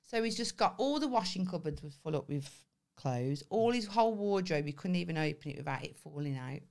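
Podcast co-host: a woman with a slightly low voice, sweary and animated, casual chat. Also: brisk, gravelly. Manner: sweary, animated storytelling with laughs.

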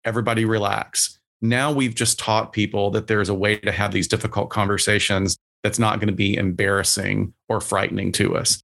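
A man, a psychologist, talking casually on a podcast and acting out quotes from clients and colleagues in an animated way. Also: fairly low pitch, a little fast, creaky, few pauses. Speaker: psychologist guest.

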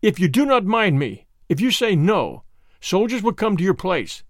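A man reading the lines of a stern army general giving sharp orders. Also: high-pitched, very animated, moderate pace, no echo, clean studio sound. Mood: commanding. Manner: sharp, commanding.

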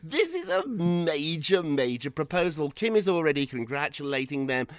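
A man's voice: a little high, sing-song, moderate pace, no echo. A British man hosting a celebrity news show, bubbly and theatrical, often giggling. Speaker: radio show host. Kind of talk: lively celebrity news chat.

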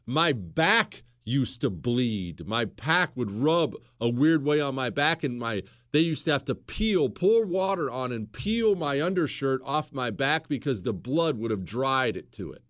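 Animated man telling history. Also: mid-range voice, a little slow, hardly any pauses. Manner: animated storytelling, acts out quoted exchanges. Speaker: history podcast host. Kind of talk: casual history talk.

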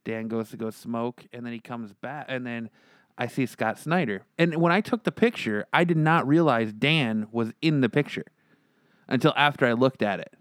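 A man hosting a podcast in casual chat, telling stories animatedly and acting out quotes with big jumps in pitch. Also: moderate pace, a bit bright, no echo. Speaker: podcast host.

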